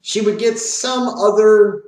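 A man's voice: sits high, slow, echoey room, distant mic, rough recording. A man hosting a wrestling opinion show, delivering a profane, emphatic rant. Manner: profane, emphatic, rising to shouts on key points. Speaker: wrestling commentary host.

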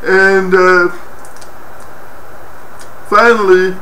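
A man hosting a joke segment who tells it slowly, stopping and restarting often. His voice sits high and sounds bright. He is recorded from a distance in a roomy space with a faint background hiss. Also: flat delivery. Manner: halting, many fillers and restarts. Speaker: joke teller, host. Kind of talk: casual joke telling.

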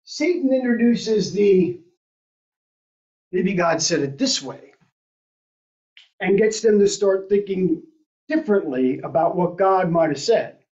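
A woman's voice: mid-range voice, animated, takes it slowly, long pauses, a little mellow. A woman teaching an adult Sunday school class, asking the group questions and thinking aloud as she goes. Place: church classroom. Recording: roomy, distant and dull.

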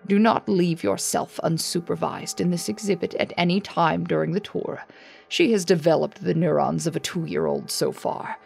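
A woman voicing a dead male museum tour guide who speaks slowly and formally, in a hushed tone over an intercom. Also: on the low side, steady tone, gravelly, slightly rough, faint music behind, heavily acted. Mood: eerie.

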